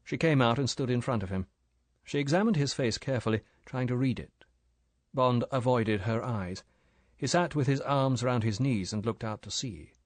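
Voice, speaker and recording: A man reads an audiobook aloud in a steady, measured storytelling style. His voice sits at a medium pitch, and the scripted narration has no echo.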